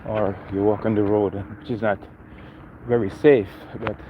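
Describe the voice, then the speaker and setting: A man's voice: on the low side, flat delivery, normal speed, phone-quality sound, a little hiss or hum. A man hosting a casual live walking vlog on a residential street, chatting with viewers and greeting them by name. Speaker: livestream host.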